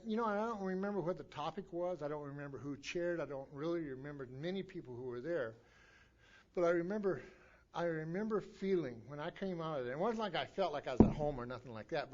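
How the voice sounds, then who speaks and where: Man, middle-aged, from Montana, folksy rambling storyteller, slightly high voice, muffled lo-fi tape. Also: a little mellow. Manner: folksy storytelling with many restarts. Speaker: speaker sharing his recovery story. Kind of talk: recovery meeting talk. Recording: dull lo-fi tape recording.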